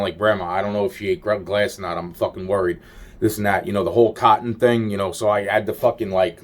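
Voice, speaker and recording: Low-pitched man, rambling rant, constant swearing, exasperated, sighs between thoughts. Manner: trails off with repeated sighs of "wow". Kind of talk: rambling personal monologue.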